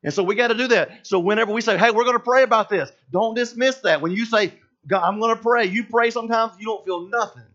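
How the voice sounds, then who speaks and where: A man delivers a lively sermon, his voice sitting high for a man. He slips into the voices of the characters he talks about. The sound is dull and lo-fi. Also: fast talker. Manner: animated, acts out voices of Moses and God. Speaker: pastor.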